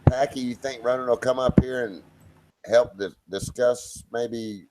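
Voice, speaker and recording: A man's voice: medium pitch, steady tone, measured pace. A laid-back man in casual comedy chat, with an ordinary mid-range voice. He keeps agreeing with the others and tags his sentences with man. There is a faint hiss behind him. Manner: easygoing, agreeable, calls people man.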